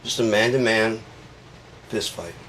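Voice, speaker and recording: Bright-voiced, profane ranting man. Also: fairly low pitch, measured pace, a little hiss or hum. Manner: sarcastic, profane, escalating. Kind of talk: profane comedic rant.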